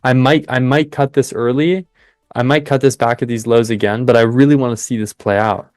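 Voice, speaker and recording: A young man hosting a live trading stream, chatting with viewers and cheering the market on in excited bursts. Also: medium pitch, a little fast, no echo, studio quality. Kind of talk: live trading commentary with chat.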